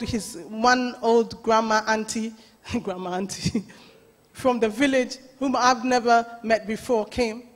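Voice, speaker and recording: Woman pastor preaching, high voice, laughs a lot telling stories, big echoey church. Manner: storytelling, animated, laughing often. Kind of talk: sermon. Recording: reverberant church hall.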